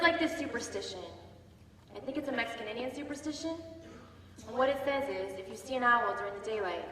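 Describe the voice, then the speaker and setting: A woman with a bright, forward voice tells frank stories from her time in the Navy, quoting others vividly. She is heard from a distance in a large hall with long reverb and faint room noise. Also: on the high side. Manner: candid, shifting between sober recollection and animated quoting. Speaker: Navy veteran telling her story on stage. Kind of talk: staged personal storytelling. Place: theater stage, heard from the audience.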